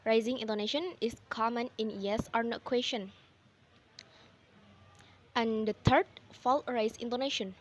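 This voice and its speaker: A woman's voice: on the high side, measured pace, long pauses. A young woman with an Indonesian accent giving a student presentation, reading carefully and often saying "okay". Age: young adult. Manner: careful, read-aloud delivery with frequent "okay". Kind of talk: classroom presentation.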